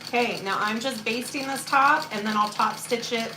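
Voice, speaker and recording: A woman's voice: fairly high pitch, moderate pace, background noise. A woman hosting a live sewing tutorial, chatting casually and greeting viewers as she works. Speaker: sewing livestream host.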